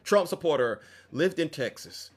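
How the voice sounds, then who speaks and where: A man hosting a fiery political commentary show, mocking and preachy, shouting to drive his points home. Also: fairly high pitch, expressive, normal speed.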